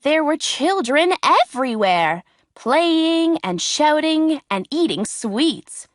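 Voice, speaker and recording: A woman reads a children's storybook aloud at a very slow, deliberate pace for English learners. Her voice sits a little high and sounds close and dry. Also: big pitch swings, no echo. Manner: clear, simple, measured delivery. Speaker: narrator.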